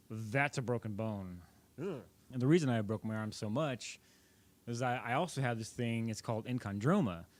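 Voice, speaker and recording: A man's voice: fairly low pitch, darkish tone. A young man vlogging, casually telling a personal story in a rambling, self-correcting way.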